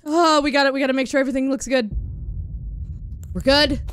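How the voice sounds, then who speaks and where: A woman streaming a video game live, excitable and giggly as she thinks aloud. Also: high-pitched, fairly quick, no room sound. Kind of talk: live gaming stream chat. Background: game music.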